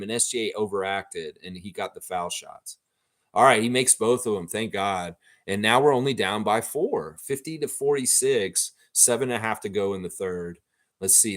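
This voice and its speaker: A man hosting a livestream watchalong, giving live reaction commentary on a basketball game in an opinionated, excitable way and openly rooting for his team. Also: fairly low pitch.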